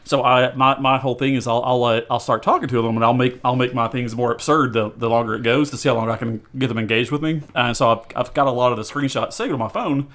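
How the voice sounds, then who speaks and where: A man's voice: medium pitch, fairly even intonation, fast, few pauses, a bit bright. A man co-hosting a casual podcast, talking in a rambling way with restarts. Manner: rambling with frequent restarts and laughter. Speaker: podcast co-host.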